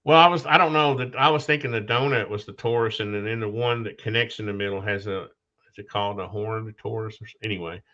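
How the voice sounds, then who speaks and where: A man hosting a casual podcast conversation, talking haltingly with restarts, losing his train of thought and coughing now and then. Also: fairly low pitch, sharp tone. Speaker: podcast host. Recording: dull lo-fi sound.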